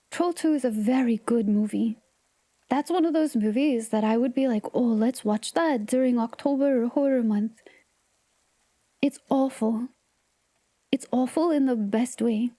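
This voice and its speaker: High, chatty woman streamer with a mellow voice. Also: measured pace, dry recording. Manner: chatty, giggly, animated and playful. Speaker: livestream host. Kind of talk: casual livestream chat.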